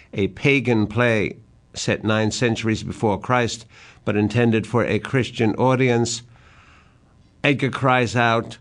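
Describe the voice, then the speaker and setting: Speaking slowly and deliberately in a medium-pitched voice, an older man gives a literature lecture and recites lines of verse with emphasis.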